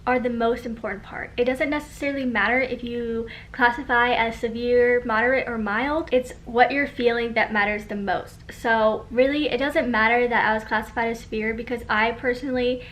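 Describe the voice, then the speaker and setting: A woman's voice: fairly high pitch, fairly bright tone. A woman in her twenties speaks earnestly and reassuringly to her viewers in a vlog. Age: 20s. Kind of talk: direct-to-camera vlog advice.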